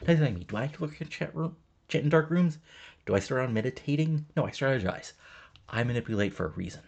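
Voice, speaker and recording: A man's voice: mid-range voice, animated, fast, creaky, darkish tone, muffled recording, voice pushed up. A man voicing a scheming male wrestling manager who talks in a pushy, scornful way.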